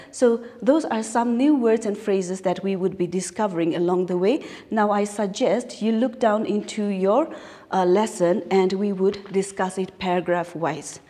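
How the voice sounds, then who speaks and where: A woman teaching an English lesson in Indian English, explaining new words slowly and repeating phrases. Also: mid-range voice, dark tone. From Nagaland, India. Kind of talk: recorded classroom lesson. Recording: long hall-like reverb.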